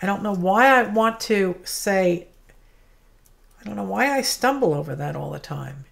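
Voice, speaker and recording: Woman craft-stream host, unhurried and chatty, greets viewers warmly by name while working at her studio table. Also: medium pitch, expressive, vocal fry. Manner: chatty, greets viewers by name, apologetic about mispronouncing names. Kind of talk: chatty live craft demonstration.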